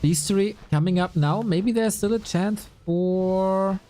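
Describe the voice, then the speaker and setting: High-voiced man casting games. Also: warm tone. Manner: playful, quick asides. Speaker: esports commentator. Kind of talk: live game commentary.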